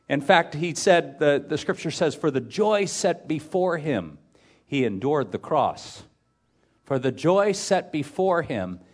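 A middle-aged man, a pastor, preaching a sermon with personal stories and dry self-deprecating humor, dropping from loud points to hushed tender moments. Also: a little high.

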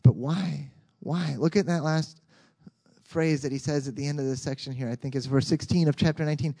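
A man preaching a sermon as a pastor in a conversational, animated way with frequent restarts. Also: a little high, fairly quick, vocal fry.

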